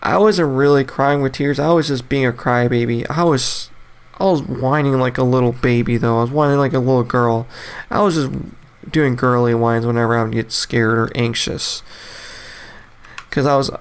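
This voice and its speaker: A man's voice: mid-range voice, steady tone, moderate pace, clean tone. Rambling young man hosting a solo podcast. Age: 20s. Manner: rambling, many fillers and restarts, laughs often. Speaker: podcast host. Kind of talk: casual solo podcast monologue.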